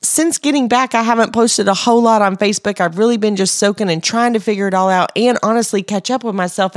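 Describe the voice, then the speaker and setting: A woman's voice: mid-range voice, fast talker, few pauses, dry recording, studio quality. A woman giving an earnest Christian testimony, stringing long sentences together with "and" and building to an urgent exhortation. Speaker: Christian speaker sharing a mission testimony.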